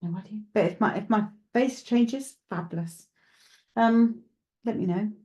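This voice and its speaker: This psychic medium, a woman, runs a live-streamed reading, talking straight to her audience and reasoning aloud with frequent pauses, restarts and hesitation. Her voice sits in the mid-range, mellow and unhurried, and the audio is dull.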